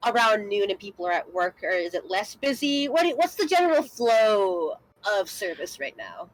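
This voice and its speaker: A young woman running a tabletop role-playing game as game master, setting scenes in a relaxed, explanatory way. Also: mid-range voice, normal speed, no room sound, soft background music, rough recording.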